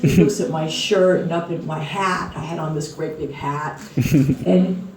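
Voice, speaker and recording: Middle-aged woman author, chatty and laughing, talks slowly, miked from afar. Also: low voice, darkish tone, slight background noise. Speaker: author at a book launch. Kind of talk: storytelling talk on stage. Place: music venue before a live crowd. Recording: echoey room from far off.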